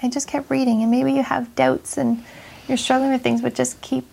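A woman's voice: sits high, flat delivery, normal speed, gravelly, a little mellow. A woman nurse earnestly sharing a personal faith story in a casual chat, reflective and full of fillers.

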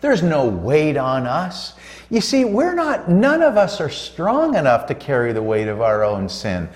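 A man's voice: a little high, wildly swooping pitch. A man preaching on a Christian talk show, fervent and emphatic, stretching out his key words. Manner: fervent, drawn-out emphatic delivery. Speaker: co-host preacher. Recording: roomy echo.

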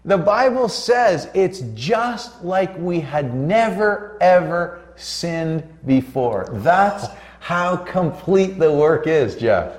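Fervent male preacher, slow and lively. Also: sits high. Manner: fervent, drawn-out emphatic delivery. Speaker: co-host preacher. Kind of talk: preaching on a Christian talk show. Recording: roomy echo.

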